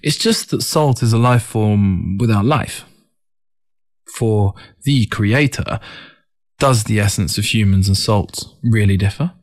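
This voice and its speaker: A man narrating a first-person story in a calm, reflective audiobook reading. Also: on the low side, measured pace.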